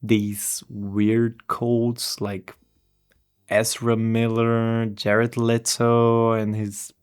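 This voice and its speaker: A man's voice: mid-range voice, monotone, drawn-out words, clear, resonant tone, faint music behind. A man giving a rambling, irreverent movie review, swearing and restarting his sentences.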